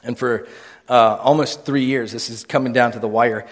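A man's voice: mid-range voice, fairly even intonation, moderate pace. A man preaching an informal sermon in a church room, casual and joking with many restarts.

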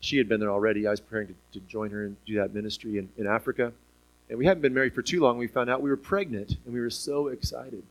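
A man preaching a sermon in an animated way, asking the listeners rhetorical questions and chuckling now and then. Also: mid-range voice, fast talker, poor audio.

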